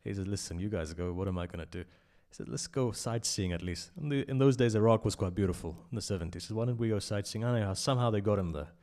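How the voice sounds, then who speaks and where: A man giving an impassioned sermon at a memorial gathering, telling a story and swinging between loud emphasis and hushed asides. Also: on the low side, fast, hardly any pauses. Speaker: speaker at a memorial majlis.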